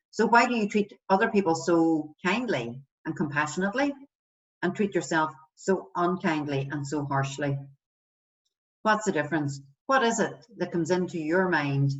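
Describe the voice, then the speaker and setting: A woman wellbeing coach guiding listeners through a self-compassion exercise, asking many questions and acting out example voices. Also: on the low side. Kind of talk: guided self-help exercise. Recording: distant, dull lo-fi sound.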